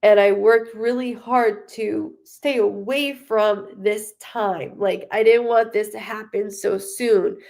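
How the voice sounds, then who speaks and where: A woman's voice: mid-range voice, fairly even intonation, slow, vocal fry, hardly any pauses, darkish tone. Emotional rambling woman medium. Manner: emotional, rambling, many fillers; relays spirit messages. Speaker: psychic medium. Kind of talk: live spirit reading.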